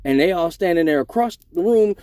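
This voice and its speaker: A man's voice: high-pitched, animated, fairly quick, dark tone. A young man telling a profane story casually, acting out other people's voices along the way.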